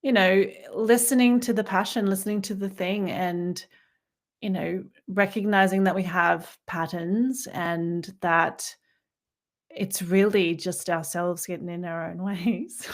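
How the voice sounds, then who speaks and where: A woman's voice: mid-range voice, steady tone, slow. A woman co-hosting a podcast in casual spiritual chat, reflective and rambling, with many fillers and restarts. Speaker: podcast co-host.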